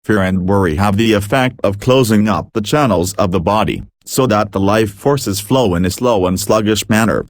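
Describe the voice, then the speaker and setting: A man reading a book aloud in measured, earnest scripted narration. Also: on the low side, lively intonation, no echo, studio quality. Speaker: audiobook reader.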